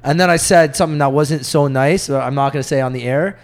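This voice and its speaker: A man's voice: a little high, fast. A man co-hosting a podcast, telling a story in casual chat and acting out what other people said. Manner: animated, acts out what others said. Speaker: podcast co-host.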